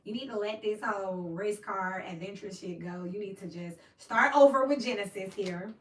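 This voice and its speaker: A woman giving a casual tarot reading, animated and swearing, acting out little scenes as she talks. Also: mid-range voice, moderate pace. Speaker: tarot reader. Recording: echoey room, mic at a distance, noisy.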